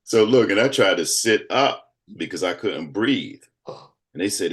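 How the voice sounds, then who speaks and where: A man in his fifties, a guest telling a personal story in casual conversation, animated and acting out other people's voices. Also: lowish voice, measured pace. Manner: animated storyteller who acts out quoted voices.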